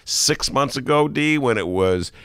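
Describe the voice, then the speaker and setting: A man's voice: medium pitch, animated, unhurried, a bit bright, clean tone, no room sound, clean studio sound. A middle-aged man hosting a casual political show, wry and sarcastic with rambling asides. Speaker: podcast host.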